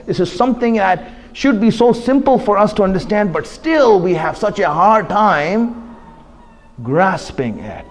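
Impassioned high-voiced male preacher. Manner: impassioned, rising and falling between loud pleas and hushed asides. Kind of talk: sermon.

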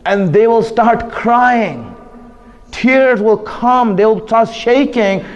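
Male preacher, high voice, impassioned sermon delivery, dramatic swings from loud to hushed. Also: expressive, takes it slowly, dull audio. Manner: impassioned, rising and falling between loud pleas and hushed asides.

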